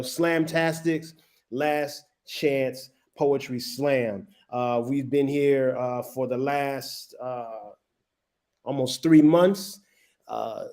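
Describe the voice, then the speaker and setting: A man hosting a poetry slam with loose, energetic hype talk full of "uh" fillers. His voice sits in an ordinary middle pitch, and he takes his time. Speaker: host. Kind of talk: hyped event hosting.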